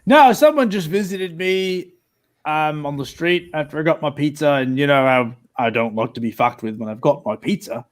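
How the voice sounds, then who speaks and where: A man's voice: fairly high pitch, expressive, normal speed. A man playing in a tabletop role-playing game, talking casually and animatedly with lots of fillers and rambling asides. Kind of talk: casual in-character and table chat.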